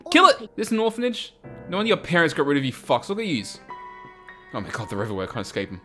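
A man's voice: mid-range voice, very animated, very fast, soft background music. A man giving profane, mocking let's-play commentary with lots of laughter. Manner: loud, crude, mocking, frequent laughter. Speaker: gaming YouTuber.

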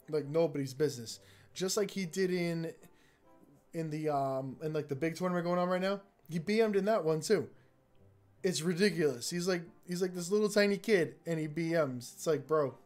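A man giving chatty, excitable, slangy commentary while playing a mobile game, with sarcastic asides. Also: on the high side. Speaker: gaming YouTuber. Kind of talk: casual gameplay commentary. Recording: game music behind the voice.

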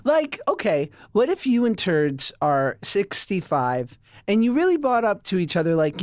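A man with a high voice that leaps all over the place, co-hosting a podcast and riffing on silly hypotheticals. He sounds close to the mic in a dry room. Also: sing-song, a little mellow, no room sound. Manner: playful, spins comic hypotheticals and acts out quick voices. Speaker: podcast co-host. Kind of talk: casual chat.

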